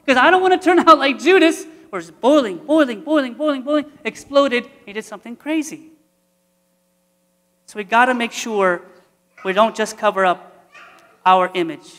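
A man's voice: very high-pitched, expressive, moderate pace, a bit bright, in a large hall. A man, a priest, preaching an earnest, conversational sermon full of repetition.

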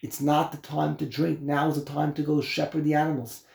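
Animated man teaching a Torah class. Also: a little high, fairly quick, creaky, roomy sound. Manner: animated, acts out voices, switches between Hebrew and English. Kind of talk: Torah class, explaining verses and commentary.

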